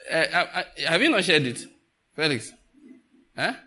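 Husky Nigerian pastor preaching. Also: male voice, on the high side, very animated, normal speed, pushed and bright. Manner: storytelling preacher, chuckling and addressing the congregation. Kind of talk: sermon.

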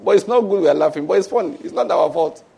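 A man with a Nigerian English accent preaching a sermon, telling stories, acting out voices and breaking into shouted mock prayers. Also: sits high, lively intonation, fast talker, vocal fry, husky. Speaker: pastor.

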